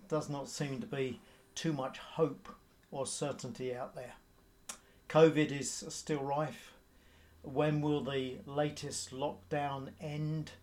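A man preaching a sermon in a measured, halting way, with frequent pauses and fillers. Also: on the high side, a little mellow.

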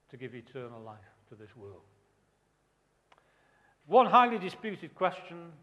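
Emphatic male preacher, echoing church hall. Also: a little high. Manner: emphatic, repeats key phrases, asks rhetorical questions. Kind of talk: sermon.

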